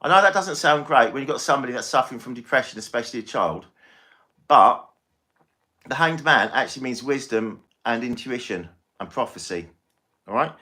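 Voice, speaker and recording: Male tarot reader on a live stream; bright tone, chatty and soothing, says things twice. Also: mid-range voice, expressive, brisk. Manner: chatty, reassuring, repeats himself.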